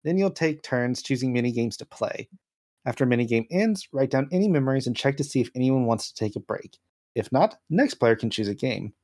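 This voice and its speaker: A man running a tabletop game, briskly reading out the rules and joking with the players. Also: mid-range voice, mellow. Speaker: game master.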